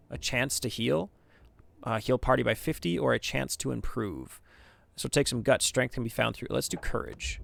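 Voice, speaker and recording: A man's voice: medium pitch, a little slow, creaky, long pauses, a bit bright. A man giving casual let's-play commentary, reading the game text aloud and chatting about his choices. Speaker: gaming streamer.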